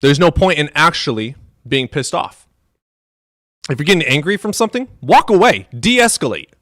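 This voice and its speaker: A man from the US Midwest live streaming, chatting in a profane, animated way that swings between loud outbursts and low mutters. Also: moderate pace, dry recording, studio quality. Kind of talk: casual livestream chat.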